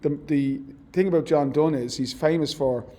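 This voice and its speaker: A man teaching a literature lesson, explaining in a conversational way with fillers and self-corrections, and reading poem lines slowly and deliberately. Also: fairly high pitch, mellow.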